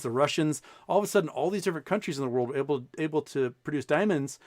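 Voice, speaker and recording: A man's voice: medium pitch, no room sound. A man hosting a podcast, telling a long story in casual chat and acting out the people in it, with many restarts. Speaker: podcast host.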